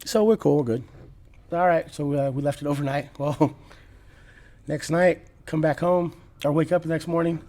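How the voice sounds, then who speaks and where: A man's voice: fairly high pitch, normal speed, darkish tone. A middle-aged man telling a long rambling story as a podcast guest, laughing and restarting often. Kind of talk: casual storytelling.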